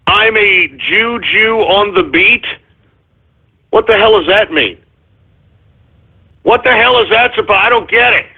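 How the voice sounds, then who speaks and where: Male radio host, high husky voice, exasperated mock-angry rants, tinny phone-grade sound. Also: measured pace, pauses often. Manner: mock-angry ranting, swearing, exasperated outbursts. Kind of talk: live internet talk radio, reading listener shout-outs.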